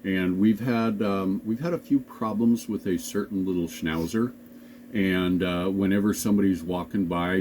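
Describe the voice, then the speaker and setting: A man with a very low voice talks haltingly, with plenty of ums and restarts. He sits on a bed in a home bedroom and is picked up by a camera on a desk. A faint background hum sits underneath. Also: darkish tone. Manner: hesitant, halting, full of ums. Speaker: vlog co-host. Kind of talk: casual chat.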